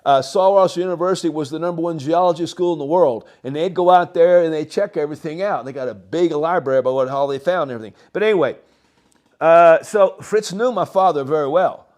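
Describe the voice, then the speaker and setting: Older man, high-pitched voice, rambling and halting delivery, chuckles between phrases, interview guest. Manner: animated, halting, chuckles often. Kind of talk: rambling storytelling.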